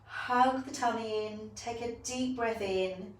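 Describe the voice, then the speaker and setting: A woman teaching a bedtime yoga class, calmly cueing each breath and movement. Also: fairly high pitch, slow. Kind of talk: guided yoga instruction. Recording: echoey room, voice from a distance.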